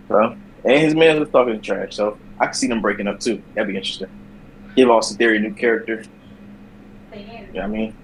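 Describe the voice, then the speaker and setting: A man co-hosting a casual wrestling talk show, telling stories and slipping into quick impressions. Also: on the low side, slight background noise, low-quality recording. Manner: animated storyteller, slips into mimicking voices. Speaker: podcast co-host.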